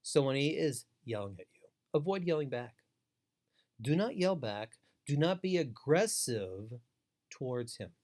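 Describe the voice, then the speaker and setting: A man's voice: mid-range voice, very animated, measured pace, a little mellow. Emphatic man giving a training webinar. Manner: emphatic, repetitive, instructive. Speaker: foster care trainer. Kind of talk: webinar lecture.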